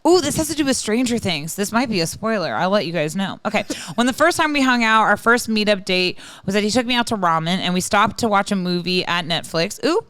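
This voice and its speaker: A woman's voice: mid-range voice, expressive, brisk, few pauses, fairly bright tone, no echo. A young woman chatting as a podcast guest, candid and rambling, poking fun at herself. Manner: candid, rambling, self-deprecating. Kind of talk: casual podcast chat.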